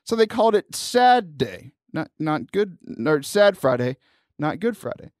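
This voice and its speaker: A man hosting a casual comedic radio show, energetic and rambling, laughing between jokes. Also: high voice, unhurried, no room sound, studio quality. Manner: energetic, jokey, rambling with restarts. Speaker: podcast host. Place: radio studio.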